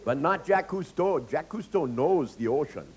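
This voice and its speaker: A man's voice: on the high side, animated, moderate pace, slight background noise, poor audio. A man performing a profane, ranting stand-up comedy monologue.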